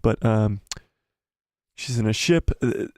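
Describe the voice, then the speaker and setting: Excitable low-voiced man streaming live. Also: slow, no echo, clean studio sound. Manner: excitable, rambling with many fillers and repeats. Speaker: streamer breaking down a trailer. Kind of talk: live casual commentary.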